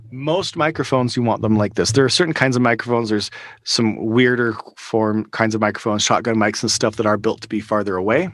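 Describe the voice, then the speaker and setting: With a fairly low, fairly bright voice, a man teaches a live online workshop at a fairly quick clip. He chats casually, with fillers and restarts, into a close-up studio mic over a video call, with no echo.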